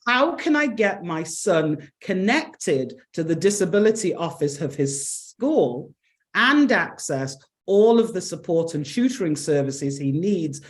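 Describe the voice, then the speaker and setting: A woman's voice: fairly low pitch, very animated, a little slow. A woman hosting an online interview, who affirms the guest and then reads audience questions aloud, with frequent fillers. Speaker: webinar host reading audience questions. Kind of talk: interview moderation.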